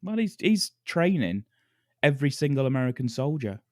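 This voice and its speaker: A man co-hosting a podcast, recapping a film's plot in a relaxed, sweary way with laughs. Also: medium pitch, normal speed, dry recording, studio quality. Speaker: podcast co-host. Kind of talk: casual chat.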